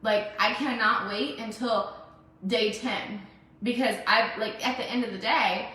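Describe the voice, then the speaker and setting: Brief: young woman vlogger, emphatic and a bit high-pitched, crisp bright tone, very echoey home room. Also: fairly even intonation, measured pace. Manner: emphatic, repeats phrases for stress. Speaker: entrepreneur vlogger. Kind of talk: motivational self-recorded vlog.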